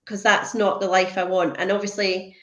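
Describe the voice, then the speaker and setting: A woman in her thirties, a podcast guest, telling her story in lively conversation and acting out what people said. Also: medium pitch, normal speed. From Scotland. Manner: lively retelling, acts out quoted speech. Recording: roomy echoey room.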